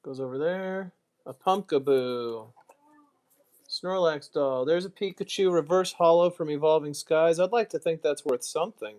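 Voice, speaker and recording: A man's voice: on the high side, normal speed, few pauses, a little mellow. An American man chatting casually on a live stream, muttering asides and mocking himself as he goes. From United States. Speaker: streamer, card collector.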